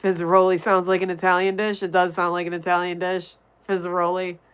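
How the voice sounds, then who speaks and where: A woman's voice: lowish voice, little pitch movement, brisk, clear, resonant tone, poor audio. A young woman from Connecticut hosting a casual livestream, chatting and greeting viewers by name as she reads the chat. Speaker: livestream host.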